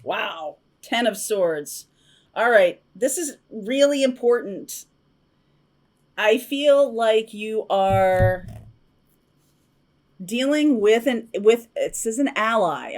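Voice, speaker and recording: Woman tarot reader, casual and chatty, mid-pitched, loose and intuitive delivery. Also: expressive, takes it slowly, darkish tone. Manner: chatty, intuitive, frequent fillers and asides. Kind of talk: casual spoken tarot reading.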